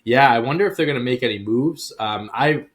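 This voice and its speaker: A man's voice: mid-range voice, a little fast. A man co-hosting a sports podcast, talking casually and bluntly, often restarting his sentences. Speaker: podcast co-host.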